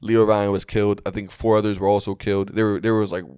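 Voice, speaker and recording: A man's voice: on the low side, little pitch movement, fast, a little mellow, smooth, no room sound, studio quality. A young man co-hosting a comedy podcast, telling a story casually with many fillers and restarts. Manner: rambling, lots of fillers and restarts.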